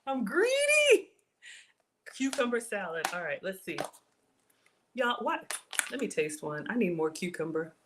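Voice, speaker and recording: A woman hosting a casual live cooking stream from her kitchen, chatty and excitable, talking straight to her viewers as she cooks. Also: lowish voice, moderate pace, noisy background. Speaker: cooking livestream host. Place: home kitchen.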